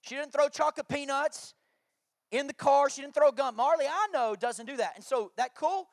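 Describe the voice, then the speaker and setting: A man's voice: very high-pitched, normal speed, no room sound, studio quality. A man, preaching a sermon through jokey family stories and acted-out quotes. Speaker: pastor.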